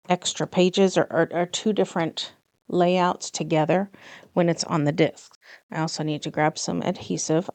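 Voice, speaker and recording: Low, gravelly-voiced woman chatting while crafting. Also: a little mellow, no echo. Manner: chatty, self-correcting, light laughs. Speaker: planner vlogger. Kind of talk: casual plan-with-me chat.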